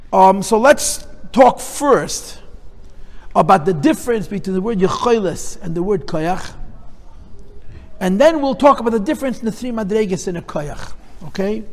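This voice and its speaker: A man's voice: high-pitched, long reverb tail. A male teacher giving a lesson on Chassidic texts. He explains step by step, repeats phrases and mixes in Hebrew and Yiddish terms.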